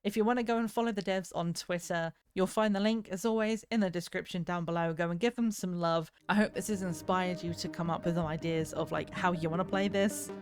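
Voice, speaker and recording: A young woman streaming a game, gushing and excitable, swearing casually as she reacts. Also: lowish voice, fairly quick, hardly any pauses, clean tone. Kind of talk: let's play commentary.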